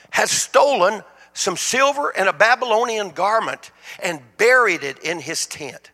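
A man with a high, pushed, bright voice preaches as a guest speaker in a church sanctuary, speaking in a plain, folksy manner. The recording carries the long reverb of the church hall.

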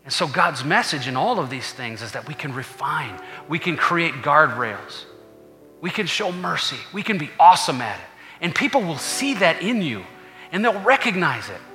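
Male pastor, bright forceful voice, chatty sermon, echoey church hall with faint music. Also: a little high, sing-song, moderate pace. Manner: conversational preaching with asides to the congregation. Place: church sanctuary.

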